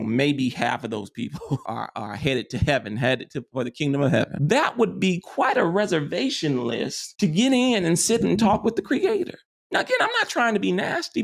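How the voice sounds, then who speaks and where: A man's voice: high-pitched, vocal fry. A man teaching metaphysics in a loose, rambling lecture, often restarting and tagging on "you see.". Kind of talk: informal spiritual lecture.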